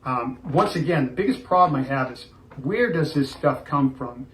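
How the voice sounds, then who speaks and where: Man, casual rambling vlog talk, mid pitch, echoey room, faint background hum. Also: lively intonation, normal speed, a bit bright. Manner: rambling, thinking aloud with fillers.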